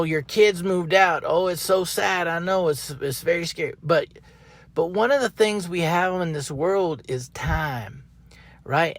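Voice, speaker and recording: A man's voice: on the high side, fairly bright tone, dry recording. A man hosting a podcast in a casual, folksy, rambling monologue, often repeating his phrases, talking from up in a tree outdoors. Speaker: podcast host.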